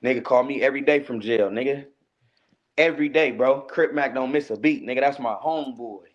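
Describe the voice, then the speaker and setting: A man telling a story in a casual interview, animated and acting out the lines he quotes. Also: mid-range voice, a little fast, muffled recording. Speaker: guest, rapper.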